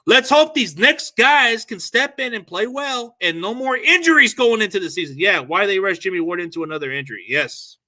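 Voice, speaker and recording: A man's voice: high-pitched, lively intonation, normal speed, few pauses, sharp tone. A man hosting a casual post-game sports talk, venting his frustration in a profane, rambling rant while answering chat comments. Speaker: sports show host.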